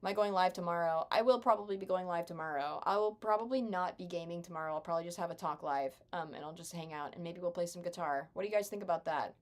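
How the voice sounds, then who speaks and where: A woman's voice: lowish voice, quick pace, hardly any pauses. A young adult woman chatting casually with her live stream chat while gaming, sarcastic and chatty.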